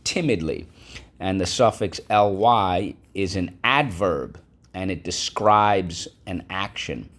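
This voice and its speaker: A man's voice: low voice, takes it slowly, fairly bright tone. A man teaching a classroom vocabulary and phonics lesson, patient and repetitive, prompting the class to repeat words.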